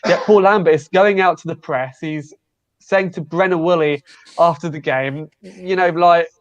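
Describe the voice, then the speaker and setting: A man's voice: on the high side, fairly even intonation, normal speed, no echo, dull audio. A man calling into a fan show, heatedly giving his opinion and stumbling over his words because he is so mad. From lives in Cornwall. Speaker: caller. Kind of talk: heated football phone-in opinion.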